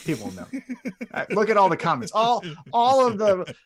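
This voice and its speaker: A man's voice: high-pitched, normal speed. A man co-hosting a casual wrestling podcast, joking and acting out quotes as he recaps. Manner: joking, animated, acts out quotes. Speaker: podcast co-host.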